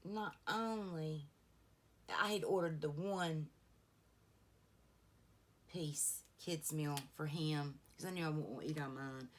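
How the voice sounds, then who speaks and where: A woman's voice: sits low, takes it slowly, pauses often. A middle-aged woman, chatting through a get-ready-with-me beauty vlog and rambling through stories with many asides. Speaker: beauty vlogger. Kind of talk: casual get-ready-with-me chat.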